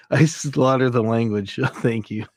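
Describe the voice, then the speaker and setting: A relaxed man hosts a late-night livestream, reading out song requests and laughing at himself. His voice is mellow and unhurried. He sits close in a dry room, with soft guitar in the background. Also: medium pitch, no echo. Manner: jokey, laughs often, reads chat requests aloud. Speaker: livestream host.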